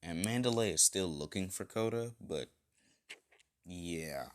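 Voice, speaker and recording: A man's voice: deep voice, expressive, unhurried, a little hiss or hum. A man casually retelling an improvised fan story, rambling with many fillers and self-corrections.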